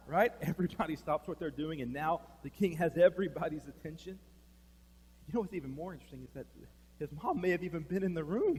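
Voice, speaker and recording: A man's voice: on the high side, husky. A man preaching a sermon as pastor, telling a story in a conversational way, acting out quoted lines and asking the room questions. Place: church sanctuary. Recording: reverberant hall, faint hum.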